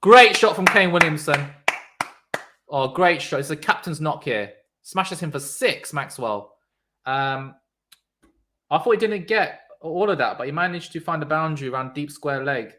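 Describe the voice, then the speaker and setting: A young man calls a cricket match live for his stream viewers. He talks casually and reacts loudly to big shots. Between deliveries he chats with the people in his live chat. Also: a little high, expressive, normal speed. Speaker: livestream cricket commentator. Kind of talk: casual live watchalong commentary.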